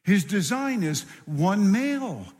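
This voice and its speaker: A man's voice: high voice, sing-song, slow, a little mellow. A middle-aged man preaching a sermon, earnest and repeating phrases for emphasis. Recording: long hall reverb.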